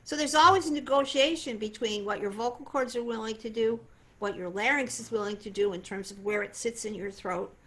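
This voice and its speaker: An older woman voice teacher explaining singing technique in a conversational, animated way. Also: mid-range voice. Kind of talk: voice lesson demonstration and explanation.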